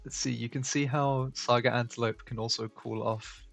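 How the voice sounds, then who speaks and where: A man chats easily with a co-host and the viewers of a drawing live stream, breaking into laughter often. His voice has a gravelly edge. Faint music plays underneath. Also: medium pitch, normal speed. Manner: relaxed, chatty, laughs often, reads viewer comments aloud. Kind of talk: casual live-stream chat.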